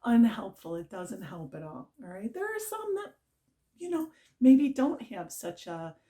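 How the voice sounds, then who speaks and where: A woman's voice: on the low side, warm tone. A middle-aged woman giving an earnest, casual spiritual talk as a mantra teacher, often checking in with "right?". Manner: earnest, repetitive, with frequent "right?" check-ins.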